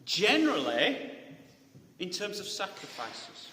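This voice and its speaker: A man's voice: high-pitched, huge pitch swings, takes it slowly, sharp tone, a little hiss or hum. A man preaching a conversational sermon, often checking in with the congregation by asking "right?" and restarting his phrases. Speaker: pastor. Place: church hall. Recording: echoey hall with long reverb.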